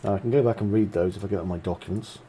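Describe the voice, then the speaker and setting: A man's voice: on the low side, racing, warm tone, breathy edge, low-quality recording. A man who is a game developer, giving casual gameplay commentary in a chatty, self-mocking way with frequent asides.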